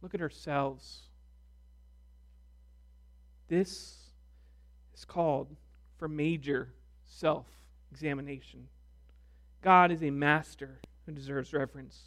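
A male pastor from the United States preaching with a high, light voice. He talks at an unhurried, measured pace. He leans into scripture readings with deliberate emphasis. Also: fairly even intonation, fairly bright tone. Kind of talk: sermon.

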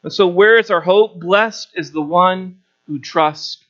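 High-voiced male preacher, lo-fi. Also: fairly bright tone. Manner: storytelling with shifting pitch and pauses. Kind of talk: sermon. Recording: dull lo-fi recording.

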